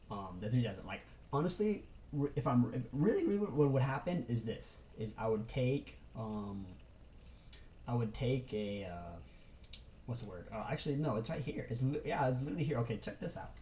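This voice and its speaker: A young man talks straight to camera in a casual vlog, fast and animated, with slang and swearing. His voice is mellow and rather dark. A faint hiss of background noise sits under his voice. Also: medium pitch, rough recording. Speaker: trader.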